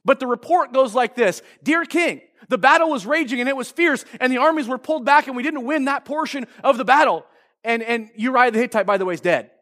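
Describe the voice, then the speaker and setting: A man's voice: very high voice, fairly quick, fairly bright tone. A male pastor preaching a sermon, retelling a story and acting out the quoted lines, often restarting his phrases.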